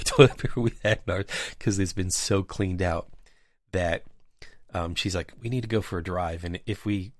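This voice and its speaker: A man's voice: low voice, gravelly, no echo, clean studio sound. A man hosting a podcast, telling a rambling anecdote in casual chat with many fillers. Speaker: podcast host. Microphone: remote call mic.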